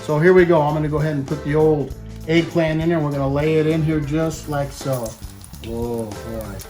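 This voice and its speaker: A man's voice: a little high, steady tone, moderate pace, over music. Chatty man hosting a cooking demo. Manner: chatty, talks to the viewer, drops in Italian food words. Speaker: cooking show host. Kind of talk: casual cooking demonstration.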